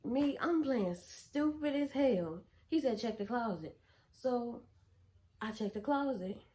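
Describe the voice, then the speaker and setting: Young woman vlogger, pitched a bit high, blunt and animated, casual storytime delivery. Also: slow pace. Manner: animated, blunt, swears freely.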